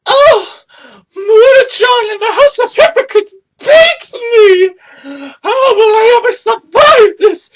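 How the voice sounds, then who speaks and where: Young guy doing a cocky wrestling promo, super high husky voice, slow and mocking. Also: bright, forceful tone. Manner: boastful, taunting. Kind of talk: trash-talking wrestling promo.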